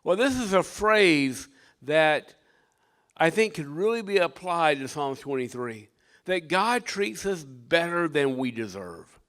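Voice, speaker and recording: An older man, a pastor, delivering a sermon with dynamic preaching that swings from loud emphasis to hushed tones. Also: fairly high pitch, big pitch swings, slow pace, dry recording.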